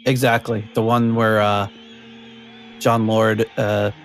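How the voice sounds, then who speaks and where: A man's voice: on the low side, little pitch movement, slow, slight background noise. Rambling, laughing podcast host man. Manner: rambling, many fillers, laughs often. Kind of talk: casual chat. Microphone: video call.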